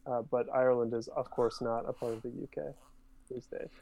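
A man's voice: mid-range voice, little pitch movement, brisk, gravelly, mellow. A man co-hosting a casual history podcast, joking and swearing freely between short remarks. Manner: joking, swears casually, reads quotes aloud. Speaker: podcast co-host.

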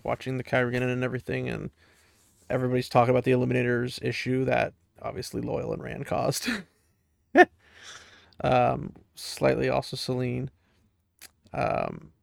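A man casually recaps and reads from a book chapter, chatting and laughing along the way. His voice is gravelly with noticeable fry, at an ordinary pitch. The recording is dry and close. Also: no echo. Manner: chatty, laughs often, many fillers.

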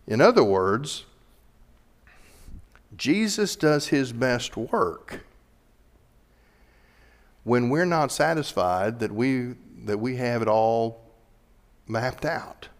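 A male pastor preaching a sermon in a church, animated, building to loud emphatic peaks. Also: mid-range voice, extremely slow, long pauses. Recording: reverberant hall.

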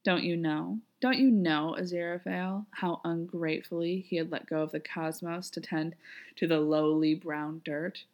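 A woman doing a proud male archangel who mocks from on high, loud and cutting. His tone is lofty and scornful, with a rough, gravelly grain. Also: fairly even intonation, normal speed, dull audio, lightly acted. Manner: mocking, lofty.

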